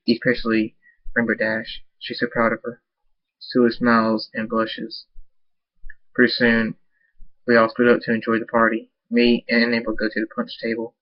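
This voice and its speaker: An amateur fan-fiction writer, a man with a medium-pitched voice, reads his own fan story aloud in an unpolished way, stumbling over words. The recording is dull, lo-fi and dry, with no room sound.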